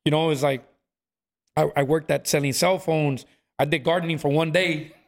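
Guy, animated storyteller, kinda high voice for a dude, loose and chatty. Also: normal speed, creaky. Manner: animated storyteller, acts out quotes, says "bro" a lot. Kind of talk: casual storytelling chat.

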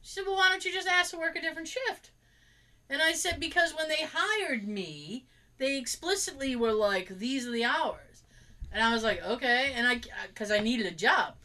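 A woman's voice: sits high, normal speed. A woman chatting casually and telling work stories, acting out what her coworkers said. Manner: animated, acts out coworkers' lines. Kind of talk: casual chat, storytelling.

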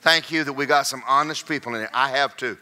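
A male pastor preaching a sermon, swinging from folksy joking asides to shouted, singsong climaxes. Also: mid-range voice, steady tone, quick pace, clear, resonant tone.

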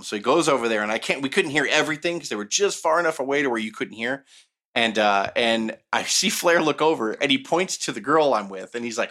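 A man's voice: medium pitch, fairly quick. A man casually telling long, rambling anecdotes on a podcast, full of fillers and quoted voices. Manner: rambling, animated, many fillers. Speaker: podcast co-host telling stories. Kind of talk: casual storytelling chat.

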